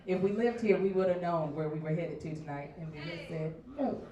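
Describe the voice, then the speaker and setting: Loud brash lady comic telling stories on stage, echoey bar sound, kinda far from the mic. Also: on the low side, fairly even intonation, a little fast. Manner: brash, loud storytelling with big swings in volume. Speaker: stand-up comedian. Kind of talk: stand-up set. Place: bar comedy stage before a live crowd. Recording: echoey bar room recorded from afar.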